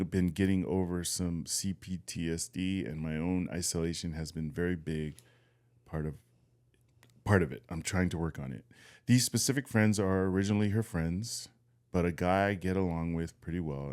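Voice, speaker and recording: A man's voice: deep voice, steady tone, moderate pace, a little mellow. A man co-hosting a podcast, casually reading a listener's story aloud between laughs. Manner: laughs often, feigns not remembering. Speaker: podcast co-host.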